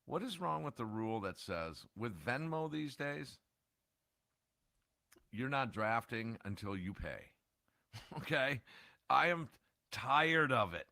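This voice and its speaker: A man's voice: medium pitch, animated, slow pace, vocal fry, pauses often, a bit bright, no room sound, studio quality. A man co-hosting a sports radio show in casual talk, ranting and firing off rhetorical questions.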